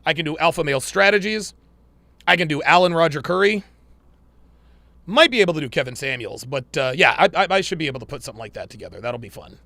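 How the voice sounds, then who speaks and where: A man hosts a casual reaction podcast, blunt and profane, hammering points home by repeating himself. His voice is gravelly and sharply bright. The sound is dry and close to the mic. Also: a little high, animated, fast, no room sound. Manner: blunt, profane, emphatic repetition. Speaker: podcast host reacting to clips.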